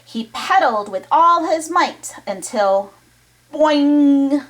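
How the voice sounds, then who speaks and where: A woman's voice: medium pitch, lively intonation, measured pace, a bit bright, low-quality recording. A woman reading a chapter book aloud to children, with chatty asides to her young listeners. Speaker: children's storytime reader.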